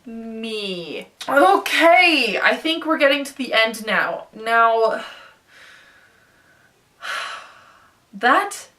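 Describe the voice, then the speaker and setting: Bright-voiced excitable young woman. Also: on the high side, drawn-out words, pauses often. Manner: excitable, gushing and rambling. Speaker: book vlogger. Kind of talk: casual book review rant.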